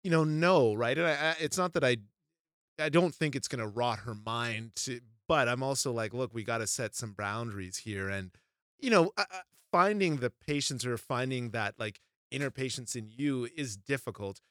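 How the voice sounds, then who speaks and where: A man's voice: mid-range voice, moderate pace, dry recording. A man in his thirties chatting casually on a podcast, rambling through stories and acting out every quote along the way. His voice sits mid-range for a man. The sound is very dry and close, with no trace of the room. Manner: rambling, animated storytelling with acted-out quotes. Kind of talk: casual chat.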